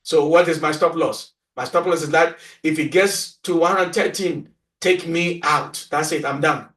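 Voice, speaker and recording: A man's voice: fairly high pitch, steady tone, a little slow, fairly bright tone. A man teaching a beginner trading lesson, who repeats his points and keeps prompting listeners with "right?" and "what?". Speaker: trading instructor. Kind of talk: screen-share tutorial lecture. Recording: echoey room, voice distant from mic.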